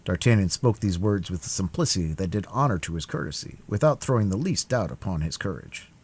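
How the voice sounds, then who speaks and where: Male narrator, cold read, low and husky, very animated pitch. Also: fairly quick. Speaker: audiobook narrator. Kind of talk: live-streamed cold read of a classic novel.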